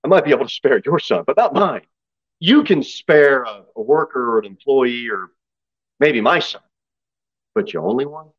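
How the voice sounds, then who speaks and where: A man's voice: mid-range voice, animated, moderate pace, slightly rough, dry recording, muffled recording. A man preaching an expository sermon in a church, emphatic and acting out story voices. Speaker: pastor.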